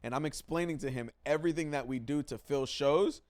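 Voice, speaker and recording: A man's voice: a little high, a little fast, a little mellow. A man hosting a casual podcast, talking emphatically, swearing freely and repeating himself for stress. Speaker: podcast host, comedian.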